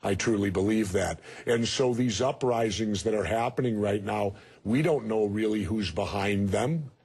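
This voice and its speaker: A husky man in his sixties speaks as a television interview guest. He argues bluntly and with emphasis, and he pushes back hard on his interviewer. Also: fairly low pitch, moderate pace, a little mellow. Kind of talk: TV news interview.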